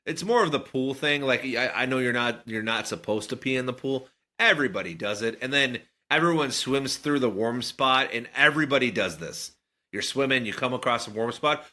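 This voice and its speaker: A man's voice: medium pitch, moderate pace, sharp tone. A man co-hosting a podcast, chatting in a rambling, joking way. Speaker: podcast co-host. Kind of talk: casual chat.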